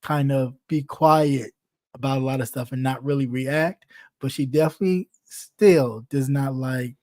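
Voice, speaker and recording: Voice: mid-range voice, measured pace, a little mellow, dry recording. An online commentator giving casual gossip commentary, blunt, profane and teasing, with frequent laughter.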